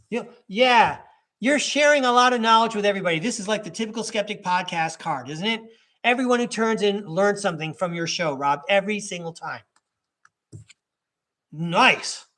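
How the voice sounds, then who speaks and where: A man's voice: high-pitched, fairly bright tone. A man hosting a live tarot reading in a casual, upbeat way, encouraging and speaking straight to his listener. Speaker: tarot reader and podcast host.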